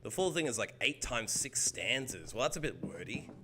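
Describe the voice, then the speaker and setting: An Australian man streaming a game, chatting casually with viewers in an excitable, rambling way and swearing freely. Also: mid-range voice, normal speed. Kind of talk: casual chat while gaming.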